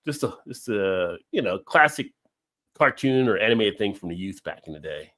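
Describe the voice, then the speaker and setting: A man's voice: fairly low pitch, normal speed. Guy hosting a beer stream, chatty and rambly, voice bounces all over, laughs a lot. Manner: rambling, laughs often, animated storytelling. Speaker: live stream host. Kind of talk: casual chat over drinks.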